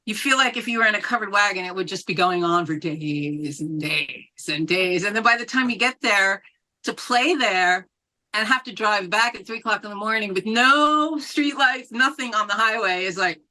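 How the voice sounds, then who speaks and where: Animated, bright-voiced woman guest. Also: mid-range voice, moderate pace. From New Mexico. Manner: animated, chatty, laughs often, swears casually. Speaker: metal band vocalist, podcast guest. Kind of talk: casual interview chat.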